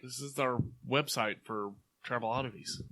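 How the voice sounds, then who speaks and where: A man's voice: mid-range voice, steady tone, moderate pace, pushed and bright, poor audio. A man from Oklahoma co-hosting a casual podcast, teasing his partner and laughing often. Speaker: podcast co-host. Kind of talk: casual chat.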